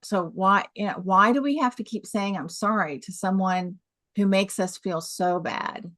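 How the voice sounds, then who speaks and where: A woman's voice: medium pitch, measured pace, fairly bright tone, dry recording, studio quality. A woman giving reassuring advice in a supportive conversation. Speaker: club member, author.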